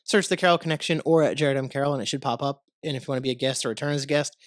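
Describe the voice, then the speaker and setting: A man's voice: mid-range voice, racing, no echo, clean studio sound. A man from the United States hosting his podcast in casual, rambling talk, congested from a cold. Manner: rambling, relaxed, swears casually. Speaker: podcast host.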